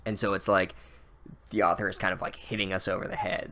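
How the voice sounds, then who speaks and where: Low-voiced man, rambling sarcastic recap. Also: little pitch movement, fast, fairly bright tone, slight background noise. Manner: sarcastic, profane, full of "like" and restarts. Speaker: comedic book recapper.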